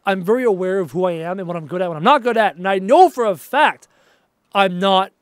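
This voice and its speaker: A man's voice: high-pitched, a little fast, clean tone, no echo, studio quality. A young man from Canada chatting casually while streaming a game live, reading his chat aloud and answering it.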